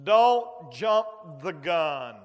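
A man's voice: a little high, very animated, extremely slow, dull audio. A man preaching a folksy sermon, telling stories with sound effects and humor as a traveling preacher. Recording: long hall reverb.

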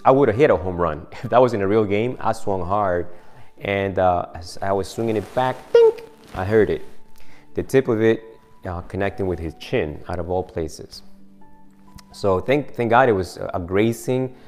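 A middle-aged man preaching a sermon and telling a personal story in a conversational way, with frequent restarts. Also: low voice. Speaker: pastor.

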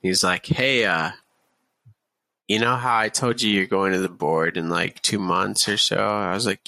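A man telling army stories in a casual podcast chat, animated, swearing and laughing often. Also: fairly low pitch, a little slow, creaky, no room sound. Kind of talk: casual storytelling.

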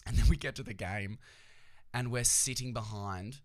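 A man's voice: mid-range voice, moderate pace. A man with an Australian accent hosting a casual solo podcast, rambling, swearing freely and tossing joking asides to the listener. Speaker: podcast host.

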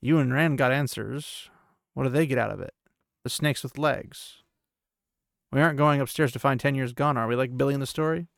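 A man's voice: mid-range voice, a little fast, creaky, dry recording, clean studio sound, close to an everyday voice. A man voicing a nervous, wisecracking young man who dodges hard questions.

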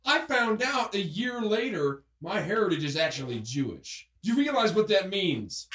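Casting: male podcast guest, high lively voice, swearing storyteller, echoey room. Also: moderate pace, hardly any pauses, distant mic. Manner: animated, profane storytelling. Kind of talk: casual storytelling.

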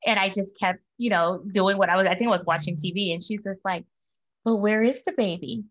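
A woman's voice: mid-range voice, fairly even intonation, fast, a bit bright, low-quality recording. A woman in her forties telling a personal story in a candid, reflective way, as co-host of a casual talk. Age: 40s.

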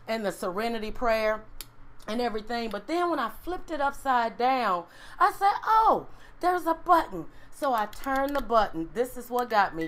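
A woman's voice: a little high, a bit bright. A woman pastor leading a casual livestream Bible lesson, talking straight to her viewers in an emotional, conversational way, with frequent "y'all"s and hums.

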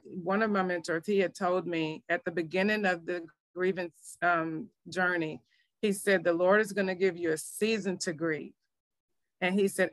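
A middle-aged woman, a pastor and minister, shares her faith story earnestly and emotionally as testimony in a faith interview. Her voice is lowish and a bit bright, in a dry recording.

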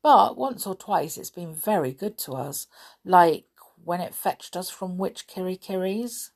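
A woman's voice: on the low side, lively intonation, unhurried, gravelly, darkish tone, heavily acted. A woman voicing a gloomy, worried young boy in a children's storybook, speaking in a glum, fretful way. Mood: sad.

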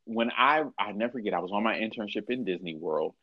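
A man's voice: lowish voice, moderate pace, husky, no echo, muffled recording. A man in his early thirties co-hosting a podcast, chatting casually and rambling with many restarts and self-corrections. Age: early 30s. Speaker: podcast co-host. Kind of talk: casual chat.

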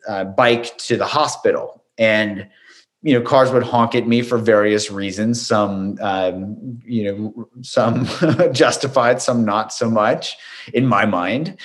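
A man, a doctor and author, telling relaxed self-deprecating anecdotes as an interview guest. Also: medium pitch. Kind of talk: conversational storytelling.

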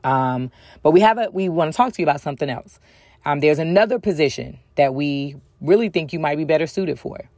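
A woman's voice: deep voice, lively intonation, brisk, darkish tone, no echo. A woman telling a personal story in a casual way, with lots of ums and acted-out bits of dialogue. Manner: chatty, frequent ums, acts out other people's lines.

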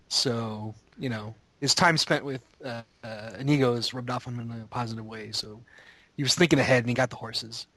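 A man's voice: medium pitch, fairly bright tone, dry recording. A man with a middling voice co-hosting a podcast, riffing on movie scenes in a loose, jokey, rambling way. His recording is dry and close, with no room sound. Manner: rambling, jokey, fillers like "you know". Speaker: podcast co-host. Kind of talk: casual movie chat.

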